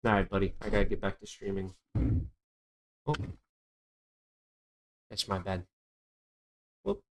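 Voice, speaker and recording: A man's voice: low voice, fairly even intonation, unhurried, background noise. A man hosting a live stream who chats casually, coos baby talk at his dog, then questions a caller bluntly from a desk mic at home. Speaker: streamer hosting call-in debates.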